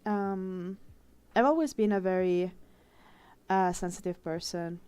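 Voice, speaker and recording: A young adult woman livestreaming her drawing, talking in a heartfelt, emotional way with many pauses and fillers. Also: on the low side, dark tone, clean tone. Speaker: art streamer. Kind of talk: casual live-stream chat while drawing.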